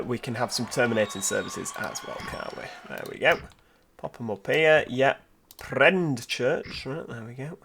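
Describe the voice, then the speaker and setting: A man's voice: medium pitch, fairly bright tone, slight background noise. A man giving casual let's-play commentary, thinking aloud and asking rhetorical tag questions. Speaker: gameplay commentator.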